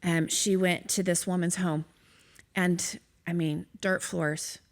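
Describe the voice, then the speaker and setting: A woman's voice: fairly low pitch, level tone, slow pace. A woman, a guest on a church podcast, telling a story with feeling and many fillers. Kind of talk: casual faith conversation, storytelling.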